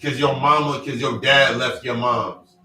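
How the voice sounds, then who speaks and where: A man's voice: mid-range voice, steady tone, measured pace, bright, forceful tone. A man giving a blunt, profane motivational monologue, hammering his points with repeated phrases. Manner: blunt, profane, repetitive preaching cadence. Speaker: self-help speaker. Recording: echoey room, distant mic, faint music.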